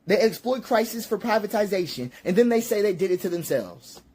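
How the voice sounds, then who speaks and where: A man's voice: high voice, expressive, fairly quick, darkish tone, slightly rough. A man giving impassioned spoken commentary, preachy and repetitive, with rhetorical questions and emphatic peaks.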